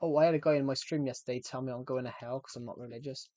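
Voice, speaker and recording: A man's voice: medium pitch, steady tone, rapid-fire, a little mellow, no echo. A young man hosting a live game stream, chatting with friends in a rambling, joking way and tripping over his words. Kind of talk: casual gaming stream chat.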